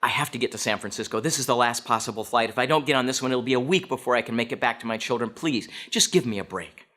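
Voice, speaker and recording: A man voicing a desperate woman traveler, pleading in a hushed, soft voice. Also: medium pitch, quick pace, pitched below the performer's own voice, close to an everyday voice. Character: desperate woman pleading to reach her children.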